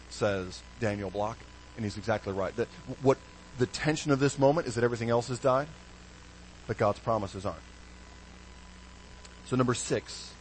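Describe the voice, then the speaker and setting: A man preaching a sermon as pastor, animated, with hushed low stresses and sudden bright emphasis. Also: moderate pace, long pauses, slight background noise, poor audio.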